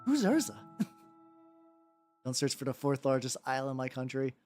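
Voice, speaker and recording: Streamer, mid-pitched, rambly live-stream chatter over faint background music, loose and unscripted. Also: monotone, normal speed. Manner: rambling, many fillers and self-restarts. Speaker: miniature painting streamer. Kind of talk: casual live-stream chat while painting.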